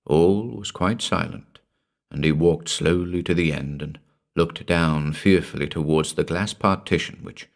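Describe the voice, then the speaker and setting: A man giving a measured, dramatic scripted narration of a classic horror story. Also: rumbling low.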